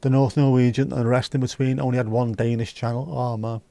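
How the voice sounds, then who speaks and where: Mellow man rambling on a livestream. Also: medium pitch, level tone, fast, creaky, no echo. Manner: rambling, dry joking asides. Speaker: livestream host. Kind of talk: casual chat reading viewer comments.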